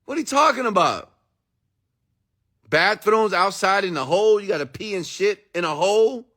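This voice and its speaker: A man's voice: high voice, lively intonation, moderate pace, fairly bright tone. A man delivering a motivational monologue, blunt and preachy, firing rhetorical questions at his listeners and swearing freely. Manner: emphatic, preachy, blunt with profanity. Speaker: motivational speaker.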